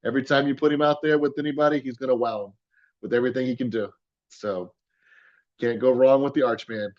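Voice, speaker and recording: An enthusiastic man hosts a virtual adoption event, cheerfully selling each dog to the audience and laughing easily. His voice sits at a middling pitch. It comes through a dull video call connection with a dry, close sound. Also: fairly even intonation, quick pace, no echo. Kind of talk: upbeat promotional chat.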